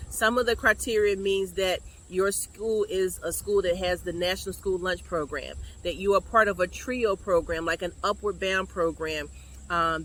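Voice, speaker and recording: A woman's voice: on the low side, a bit bright, a little hiss or hum. A woman who works as a school college counselor, giving advice in a direct, chatty, coaching way. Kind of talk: advice vlog.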